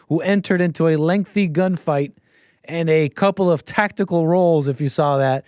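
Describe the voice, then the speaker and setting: A man's voice: fairly high pitch, mellow, dry recording, clean studio sound. A man hosting a casual commentary livestream, sarcastic and often laughing. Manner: sarcastic, keeps breaking into laughter. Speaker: livestream host.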